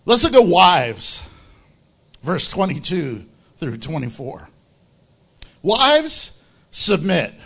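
A man preaching a sermon as pastor, animated and joking, often laughing as he teaches. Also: sits high, slow, gravelly, long pauses, breathy edge.

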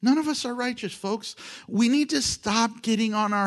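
A middle-aged man preaching a sermon as pastor, animated, acting out quotes and laughing between points. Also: extremely high pitch, moderate pace.

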